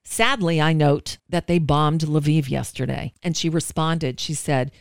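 A woman's voice: low-pitched, unhurried, dry recording, clean studio sound. A woman radio show host earnestly recounting a personal story in an emotional telling.

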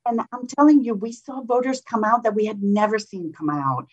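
A woman's voice: a little high, animated, brisk, slightly rough, muffled recording. A woman whose first language is Spanish, talking passionately and with emphasis as a political candidate in an interview.

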